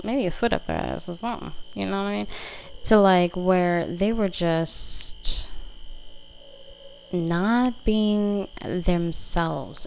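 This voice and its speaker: A woman's voice: on the low side, vocal fry, a little mellow, slight background noise, rough recording. A woman giving a casual pick-a-card tarot reading, rambling with fillers and the odd swear word, at home. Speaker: tarot reader. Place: home room. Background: faint mini fridge buzz.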